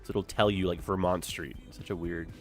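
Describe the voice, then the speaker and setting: A man's voice: low-pitched, fairly even intonation, normal speed, faint music behind. A man streaming a city-building game, chatting casually and reacting with dramatic exclamations. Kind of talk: casual gameplay commentary.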